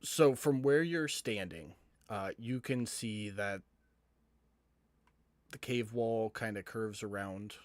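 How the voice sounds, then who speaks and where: A man narrating as game master of a tabletop game, calmly describing the scene. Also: fairly low pitch, slow, long pauses, no room sound. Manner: calm, descriptive scene-setting.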